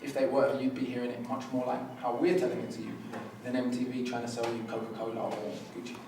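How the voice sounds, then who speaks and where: A man's voice: mid-range voice, flat delivery, quick pace, warm tone. A man, a rapper on a festival press panel, talking passionately and lecturing, sometimes acting out voices and rhythms. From United Kingdom. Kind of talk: passionate press conference talk. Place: conference room. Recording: echoey room, mic far off, faint noise.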